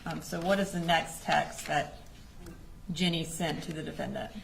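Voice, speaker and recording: A woman lawyer questioning a witness in court in a measured, prompting way. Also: low voice, fairly even intonation, gravelly, fairly bright tone, a little hiss or hum. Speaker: prosecutor.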